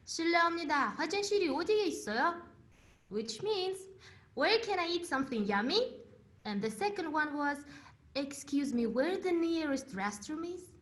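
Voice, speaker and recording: Lively high-voiced woman giving a speech. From Uzbekistan. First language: Russian. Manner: storytelling with dramatic pauses. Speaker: contest speaker. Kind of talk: prepared public speech.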